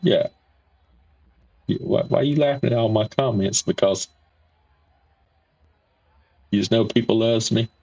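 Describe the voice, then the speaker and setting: Gravelly man chatting on stream. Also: medium pitch, measured pace, pauses often, dark tone. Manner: rambling, folksy, repeats himself. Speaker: livestream host. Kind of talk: casual livestream chat reading viewer comments. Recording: dull lo-fi stream audio.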